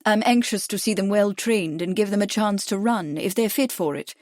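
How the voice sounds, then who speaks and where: A woman's voice: mid-range voice, moderate pace, a little mellow, no echo, clean studio sound, natural voice. A woman voicing a foppish upper-class English lord with an exaggerated posh lisp and a fatuous, expansive manner, in an audiobook. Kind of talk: audiobook character voice.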